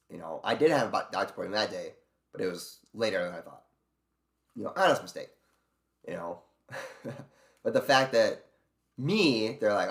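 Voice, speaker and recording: A man's voice: fairly low pitch, animated, a little fast, echoey room. Man ranting with lots of swearing. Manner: profane, venting, mimics bosses in quoted voices. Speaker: streamer. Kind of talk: casual rant to stream viewers.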